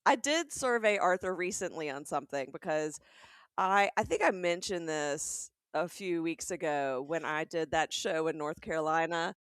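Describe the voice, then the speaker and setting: A woman's voice: low voice, moderate pace, smooth, dry recording, clean studio sound. A middle-aged woman from the American South with a Southern accent, co-hosting a comedic podcast in a chatty, laughing way. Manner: chatty, restarts and laughs a lot. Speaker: podcast co-host. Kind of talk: casual chat.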